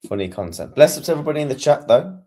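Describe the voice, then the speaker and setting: A man's voice: a little high, expressive, very fast, warm tone. A man hosting a football stream and chatting casually with his viewers in a laid-back, slangy way. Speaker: streamer host.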